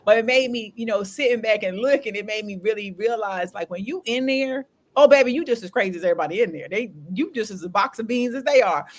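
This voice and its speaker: A woman hosting a candid podcast conversation, telling her story in an animated, laughing way with casual slang. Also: on the high side, fast, hardly any pauses. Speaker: podcast host.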